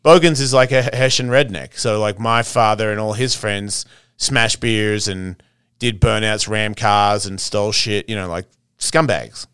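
Australian man, podcast guest, blunt and profane, smooth resonant voice, dry close sound. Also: fairly low pitch, measured pace, fairly bright tone, no echo. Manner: blunt, swears freely, laughs often. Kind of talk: casual interview chat.

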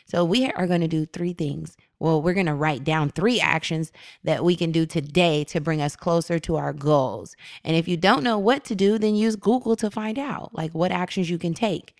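Lively slangy woman with a lower voice. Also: normal speed, no room sound, clean studio sound. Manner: animated storyteller, slangy and laughing. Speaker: podcast co-host. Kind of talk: casual spiritual self-help chat.

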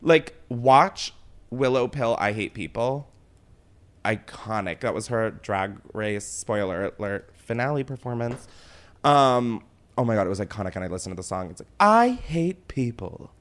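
A man's voice: on the low side, moderate pace. A young man hosting his own show, casually retelling a wild night out with lots of swearing and dramatic quoting. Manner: animated, swearing, dramatic retelling with put-on quotes. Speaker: podcast host. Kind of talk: casual storytelling chat.

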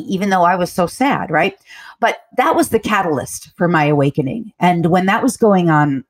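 Female interview guest from the US, lowish voice, earnest and long-winded storyteller. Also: a little mellow. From United States. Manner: earnest, talks at length with fillers.

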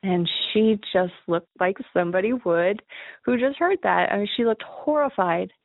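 Over a thin, tinny phone connection with no room sound, a woman calls in to share a ghost story. Her mid-range voice is gravelly and moves at a moderate pace, and she recounts the personal encounter earnestly, with nervous laughter, in an emotional telling.

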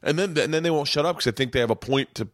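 A man telling rough, animated stories about stand-up gigs in a casual chat, acting out the people he quotes. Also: a little high, very fast, no room sound, clean studio sound. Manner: animated, profane storytelling with acted-out quotes. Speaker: podcast host, comedian.

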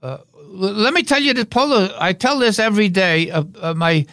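A man's voice: high-pitched, lively intonation, moderate pace, a bit bright, no room sound, clean studio sound. An older man, a veteran actor as interview guest, telling wry, rambling stories. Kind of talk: anecdotal interview talk.

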